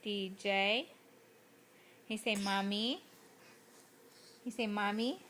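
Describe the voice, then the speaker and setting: A woman's voice: mid-range voice, slow, a bit bright, slight background noise. A mother at home talking to her toddler in a coaxing, sing-song voice. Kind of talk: casual talk to a toddler. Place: at home indoors.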